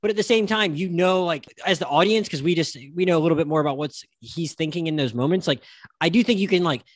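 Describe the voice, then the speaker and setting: A podcast host, a man, speaks in a rapid and slightly high voice. He rambles through his points with frequent false starts. The sound is dry and close, with no room in it. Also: dry recording. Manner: rambling, stop-start phrasing with many restarts. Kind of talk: casual film discussion.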